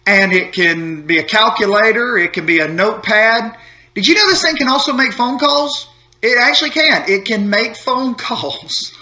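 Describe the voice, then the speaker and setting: High, bright-voiced preacher. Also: male voice. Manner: folksy storytelling preacher, repetitive and building. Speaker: pastor. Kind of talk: short devotional sermon. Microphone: holding a phone while speaking to camera.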